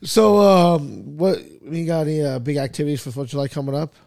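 A man hosting a podcast, chatting casually with friends, animated and swearing, laughing at his own jokes. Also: on the high side, brisk, vocal fry. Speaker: podcast host. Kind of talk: casual chat.

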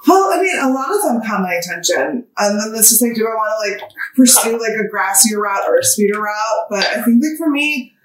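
A woman co-hosting a podcast while mixing cocktails, talking casually, swearing freely and breaking into loud outbursts. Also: on the high side, expressive, brisk, recorded from a distance, noisy background. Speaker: podcast co-host and bartender. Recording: echoey room, voice a bit off-mic.

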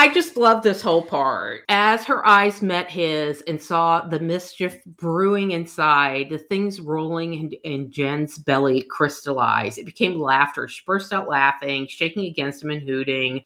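A woman's voice: fairly low pitch, a little slow, few pauses, a bit bright. A woman co-hosting a casual book discussion, reading passages aloud and laughing often. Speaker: book podcast co-host.

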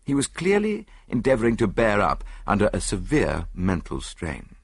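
A man reading an audiobook, narrating a story in the first person in a measured way. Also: fairly low pitch, wildly swooping pitch, husky, no room sound. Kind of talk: scripted narration.

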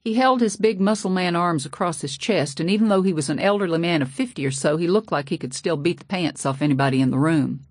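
Audiobook narrator, woman, sassy folksy read, deep dry voice. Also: fast talker, few pauses, darkish tone, no room sound. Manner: folksy, sassy first-person storytelling. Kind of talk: scripted narration.

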